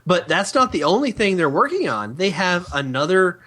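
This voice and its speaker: A man's voice: sits high, big pitch swings, moderate pace, sharp tone. A man co-hosting a casual gaming chat, easygoing as he relays game news and chat comments. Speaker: podcast co-host.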